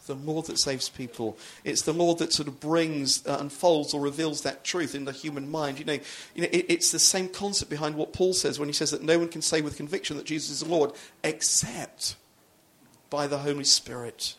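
A man's voice: a little high, steady tone, moderate pace, fairly bright tone, breathy edge. A man, a pastor, preaching a sermon in a loose, conversational storytelling way with frequent restarts.

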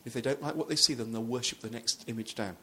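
A man's voice: medium pitch, fast talker, sharp tone, breathy edge. A man, a pastor, preaching a sermon in a loose, conversational storytelling way with frequent restarts.

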